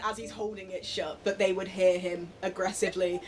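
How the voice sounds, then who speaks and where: A woman player casually narrates what her character does in a tabletop game. Her pitch is middle, with faint noise behind. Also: level tone, quick pace, few pauses. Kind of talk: tabletop role-play.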